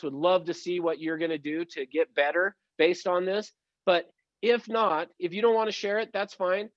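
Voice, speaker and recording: A man's voice: high voice, no echo, dull audio. A man giving an online sales training session, speaking in an upbeat, emphatic coaching tone. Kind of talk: motivational online training talk.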